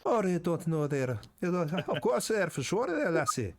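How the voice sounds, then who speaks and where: A man's voice: on the high side, very animated, moderate pace, slight background noise, pitched above the performer's own voice. A man doing a playful mock Irish accent as a jovial stage-Irish character during a tabletop game. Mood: teasing.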